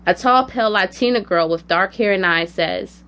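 A woman narrating a personal story in the first person, in a quiet, measured, reflective way. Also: mid-range voice.

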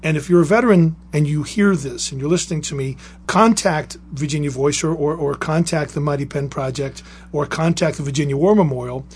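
A man telling a lively anecdote with restarts, then reading a story aloud as a guest author. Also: a little high, a little fast, hardly any pauses, slight background noise.

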